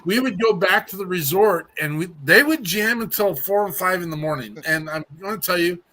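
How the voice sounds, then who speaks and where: A man's voice: sits high, fairly quick, bright, forceful tone. A musician guest, a man, chatting casually on a podcast and telling a story with stutters, restarts and filler words.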